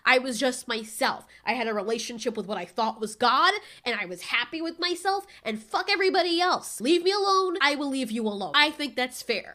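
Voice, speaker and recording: A woman ranting casually to her camera, exasperated and sarcastic, swearing freely and mimicking other people with sudden pitch jumps. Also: pushed and bright. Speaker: vlogger.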